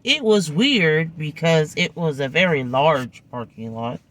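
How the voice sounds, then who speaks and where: A woman's voice: low voice, animated, a little slow, a bit bright, slight background noise. A woman telling a personal story in a casual vlog, acting out the people in it, recorded on a phone in her car.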